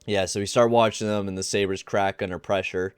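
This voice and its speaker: A man's voice: fairly low pitch, fairly even intonation, a little fast, clean tone, dry recording, clean studio sound. A young man giving casual gameplay commentary, rambling and exasperated, full of slang like "dude" and "bruh". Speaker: gaming channel host.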